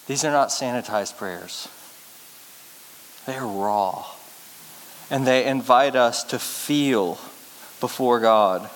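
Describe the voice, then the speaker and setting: A male pastor giving a sermon, speaking earnestly and getting lively when he tells stories. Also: mid-range voice, takes it slowly. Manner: earnest storytelling preacher, lively when telling anecdotes. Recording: reverberant hall with faint hiss.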